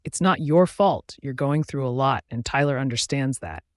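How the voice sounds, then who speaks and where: A man's voice: mid-range voice, normal speed, dry recording, clean studio sound, lightly acted. A man voicing a young woman friend who is caring, firm and reassuring.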